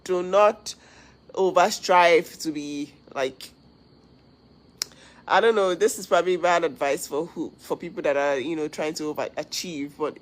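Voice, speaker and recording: A woman's voice: low-pitched, unhurried, low-quality recording. A woman hosting a casual livestream, talking earnestly to viewers, giving advice and thanking them. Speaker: livestream host.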